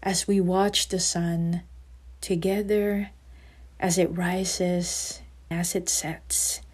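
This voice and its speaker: A woman voicing a sad, gentle male snail in a read-aloud storybook, speaking softly. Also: on the low side, level tone, extremely slow, slightly rough, exaggerated voice. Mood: tender. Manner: soft, quiet, tender reading.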